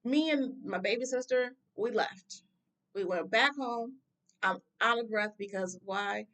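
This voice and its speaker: A woman's voice: on the high side, a little slow, fairly bright tone. A woman telling a personal story time, talking bluntly and emphatically in a conversational way.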